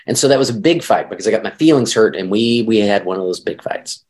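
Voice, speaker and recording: A middle-aged man, a marriage counselor, explaining his ideas in an animated, conversational podcast interview. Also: fairly low pitch, fast.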